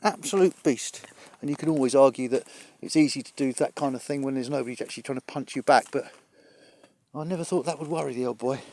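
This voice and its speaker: A man's voice: mid-range voice, fairly even intonation, fast talker, darkish tone. A middle-aged man vlogging casually outdoors as he walks up a hill, rambling with dry humour and somewhat out of breath. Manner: rambling, chatty, dry humour, swears mildly. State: out of breath from climbing. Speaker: travel vlogger. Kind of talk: casual walking vlog. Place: outdoors on a hillside near water.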